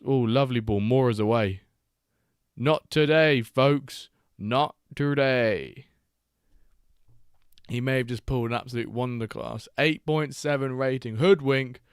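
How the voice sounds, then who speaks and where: A man's voice: mid-range voice, clean tone, dry recording. Stream co-host, male, dry close sound, banters and swears, flares up on big moments. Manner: bantering, swears freely, bursts into excited match calls. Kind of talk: casual live-stream watchalong chat.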